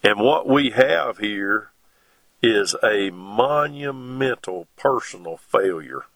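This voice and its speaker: A middle-aged preacher with a drawl delivers a sermon, unhurried and folksy. His low voice has a gravelly edge. The sound is close and dry. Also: lively intonation, a bit bright, dry recording. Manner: slow, folksy, with homespun asides. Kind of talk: sermon with scripture reading.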